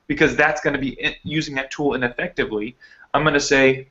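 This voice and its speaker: Man, dog trainer, co-host, energetic explainer, bright tense voice, lo-fi video call audio. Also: on the high side, quick pace. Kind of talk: casual live video chat.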